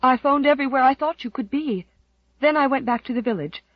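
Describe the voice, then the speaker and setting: A woman's voice: high voice, fairly quick, no echo, lo-fi sound, pitched above the performer's own voice. A woman playing a frantic, stammering housekeeper. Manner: anxious, stammering, fretful. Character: frantic devoted middle-aged housekeeper. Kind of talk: audiobook character voice.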